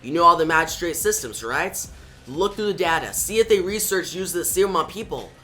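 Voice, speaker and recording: A man voicing a young woman vigilante in a soft, lowered voice. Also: expressive, fairly quick, soft background music. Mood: worried.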